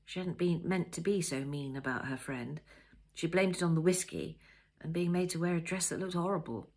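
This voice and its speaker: An older woman reads her novel aloud in a calm, even storyteller's voice. Her tone sits low, with a gravelly fry and a husky, slightly raspy edge. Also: moderate pace. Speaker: author reading her novel. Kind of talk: audiobook narration.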